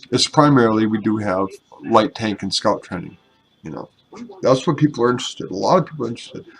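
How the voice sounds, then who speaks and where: A man's voice: mid-range voice, slightly rough, rough recording. A young man casually commenting over gameplay, rambling and self-deprecating, with casual swearing, speaking into a headset at his computer. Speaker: gaming YouTuber and clan member.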